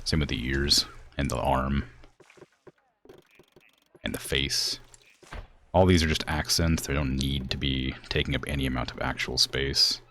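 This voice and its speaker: Deep-voiced man chatting while gaming. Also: fairly even intonation, a little slow, long pauses, sharp tone, a little hiss or hum. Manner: chatty, answers chat, laughs between phrases. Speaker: streamer. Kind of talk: casual game stream commentary.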